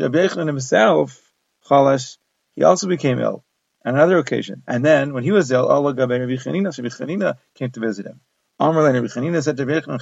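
A man's voice: medium pitch, gravelly, no echo. A man giving a Talmud lesson, translating the Aramaic phrase by phrase into plain English. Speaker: Talmud teacher. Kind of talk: daf yomi Talmud lesson. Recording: dull lo-fi dry recording.

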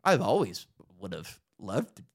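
A man's voice: lowish voice, big pitch swings, unhurried, husky. A man co-hosting a podcast, telling stories in a profane, ranting way in casual chat. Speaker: podcast co-host.

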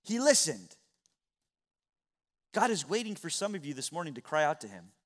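High-voiced preaching man. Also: very animated, quick pace. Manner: earnest preaching, swings from hushed to loud. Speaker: pastor. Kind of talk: sermon. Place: church sanctuary.

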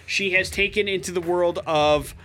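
A man co-hosting a morning radio show, chatting casually and excitably with plenty of fillers. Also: sits high, moderate pace, slight background noise.

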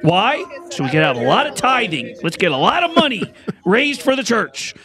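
A man's voice: high-pitched, big pitch swings, normal speed, crowd noise. A man co-hosting sports radio, insistent and sarcastic. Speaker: radio co-host. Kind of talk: casual sports radio chat.

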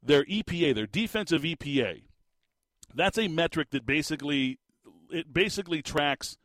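A man hosting a casual sports talk show, rambling and animated with lots of restarts. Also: on the high side, dry recording. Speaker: sports podcast host.

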